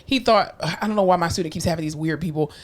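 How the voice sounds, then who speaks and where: Fast-talking, blunt young woman co-host. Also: lowish voice. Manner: fast, blunt, profane banter. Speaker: podcast co-host. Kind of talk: casual chat.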